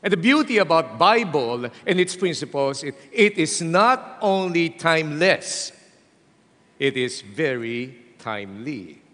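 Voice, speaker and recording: A man preaching a sermon to a packed hall, with a Filipino accent, speaking in an animated, emphatic way. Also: on the high side. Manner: animated preaching, mixing English and Tagalog, addressing the hall. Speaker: pastor. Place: large hall. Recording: long hall reverb.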